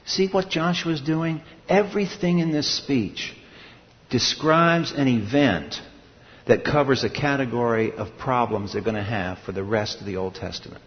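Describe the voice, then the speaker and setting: A man's voice: medium pitch, moderate pace. Preacher man in a dull, echoing hall. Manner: emphatic, rhetorical questions. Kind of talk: sermon. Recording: dull lo-fi recording in a reverberant hall.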